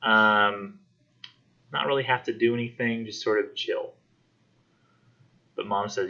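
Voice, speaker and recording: Casual male instructor with a bright, lo-fi sound. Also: mid-range voice. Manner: casual, acts out characters in quick voices. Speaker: college English instructor. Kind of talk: classroom discussion lecture. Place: classroom.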